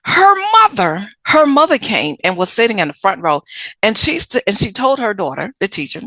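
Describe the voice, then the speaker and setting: A woman from Chicago, a guest in an interview, telling stories from her life in a lively way and acting out the people she quotes. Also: medium pitch, normal speed, no echo. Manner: animated, acts out quoted people. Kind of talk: storytelling interview answers.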